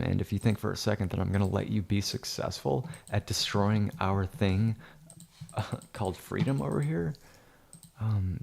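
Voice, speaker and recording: A man with a low, gravelly voice hosts a photo-editing livestream, talking. He rambles in a sarcastic, mock-grandiose way, teasing his viewers as he works. Typing and mouse clicks sit behind his voice. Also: darkish tone.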